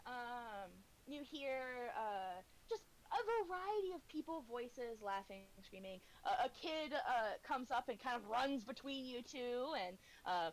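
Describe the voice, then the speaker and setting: A woman's voice: fairly high pitch, slight background noise, poor audio. A woman narrating a tabletop game as game master, hesitant and giggly with many fillers.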